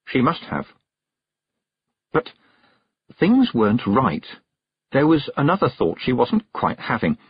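Husky, expressive male storyteller. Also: fairly low pitch, no echo. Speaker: audiobook narrator. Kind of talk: scripted narration. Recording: dull, dry close recording.

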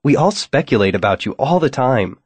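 A man's voice: medium pitch, sing-song, brisk, husky, dry recording, pitched above the performer's own voice. A man voicing a cheerful, bubbly young woman. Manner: bright, cheerful.

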